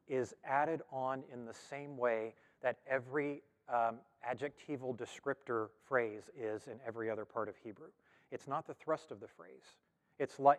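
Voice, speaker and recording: Man teaching scripture in an echoing hall. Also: mid-range voice. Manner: conversational, with frequent fillers and self-corrections. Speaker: pastor teaching a Bible study. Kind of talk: casual Bible study teaching. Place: church hall. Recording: long reverb of a large hall.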